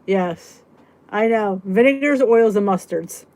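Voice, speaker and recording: A middle-aged woman hosting a live stream, talking casually in a medium-pitched voice. She reads viewers' comments and answers them one by one, often trailing off and restarting her sentences. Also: normal speed, a little mellow. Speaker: weight-loss vlog host reading live chat.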